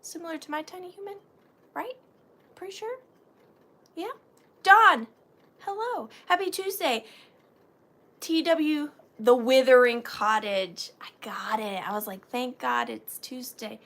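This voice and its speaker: Chirpy bright-voiced Southern woman. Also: sits high, a little slow, long pauses. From Georgia, US. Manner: chatty, sweet, calls viewers dear. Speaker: livestream host. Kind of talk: casual livestream chat greeting viewers.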